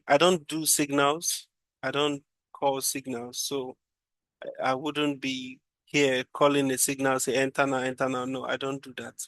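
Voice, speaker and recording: A man's voice: mid-range voice, fairly bright tone, no echo. A man casually walking through a trading chart, thinking aloud and repeating phrases as he goes. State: yawning, drowsy. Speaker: trading analyst.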